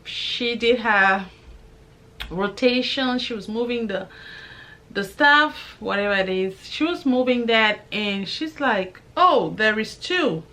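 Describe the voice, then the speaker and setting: Animated woman telling her story, slightly high voice. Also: takes it slowly. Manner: animated, acts out both sides of conversations; religious, praises God while telling. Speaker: vlogger sharing a personal testimony. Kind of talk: personal storytelling.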